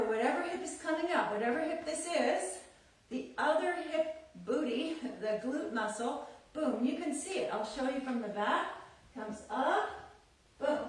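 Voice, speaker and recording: A woman teaching a belly dance class, counting beats in a sing-song rhythm and explaining moves in a chatty, encouraging way. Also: sits high. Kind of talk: live online dance class instruction. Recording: very echoey room, voice far from the mic.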